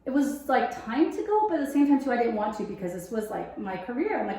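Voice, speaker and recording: A fairly high-voiced young woman talks in a loose, animated way and slips into her own past thoughts as she tells her story. She is recorded in a room with strong echo. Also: fast. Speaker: guest sharing faith testimony. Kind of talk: casual interview chat. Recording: very echoey room.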